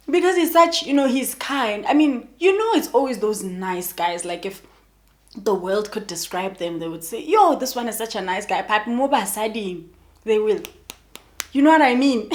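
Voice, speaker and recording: A young South African woman with a South African accent, telling a personal story in a casual, chatty way and talking straight to her viewers. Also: fairly high pitch. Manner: animated, chatty, addresses viewers as guys. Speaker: YouTuber.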